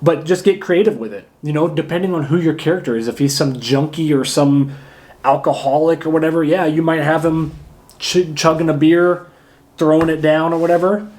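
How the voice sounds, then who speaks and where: A man acting coach giving a casual lesson to camera, energetic and emphatic, often pausing to demonstrate. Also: fairly high pitch. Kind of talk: casual instructional talk to camera.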